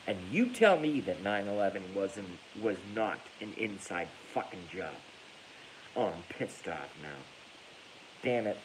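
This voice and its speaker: Angry ranting host, low voice, drawn-out delivery, faint hiss behind. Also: male voice, very animated, rough recording. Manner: angry, profane, breaks into laughter. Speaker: livestream host reading viewer comments. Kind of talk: ranting livestream monologue.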